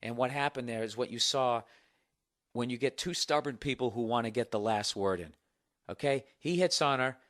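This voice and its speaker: A man hosting a podcast, telling a story in a comedic monologue, profane and animated as he rants. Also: medium pitch, moderate pace. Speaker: podcast host.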